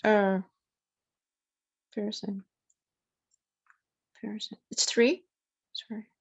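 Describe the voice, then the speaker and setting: A woman who speaks Arabic as her first language, answering a teacher softly and hesitantly as a student in an online English lesson. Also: mid-range voice, little pitch movement, extremely slow, husky, no room sound, lo-fi sound. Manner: hesitant, soft, unsure answers.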